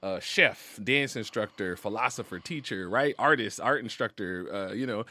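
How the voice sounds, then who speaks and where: A man's voice: lowish voice, normal speed, pushed and bright. A man as a podcast guest, talking earnestly and emotionally in casual slang, close to tears. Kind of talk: heartfelt casual conversation. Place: recording studio.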